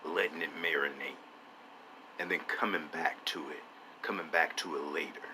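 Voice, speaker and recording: A man's voice: extremely low pitch, fairly even intonation, normal speed, noisy background. A man doing gameplay commentary, rambling in absurd stream-of-consciousness musings full of rhetorical questions. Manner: rhetorical questions, drops to a whisper at times. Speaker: let's play commentator. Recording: loud music under the voice. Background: loud music.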